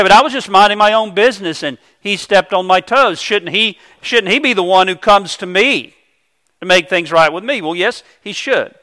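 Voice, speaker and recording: Bright-voiced man preaching a sermon. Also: high voice. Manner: earnest, explanatory, uses homely illustrations. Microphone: microphone.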